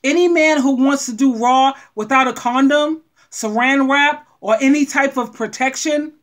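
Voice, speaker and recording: A middle-aged woman giving blunt, animated relationship advice straight to her viewers. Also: high voice, normal speed. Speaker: advice vlogger. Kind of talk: frank advice monologue.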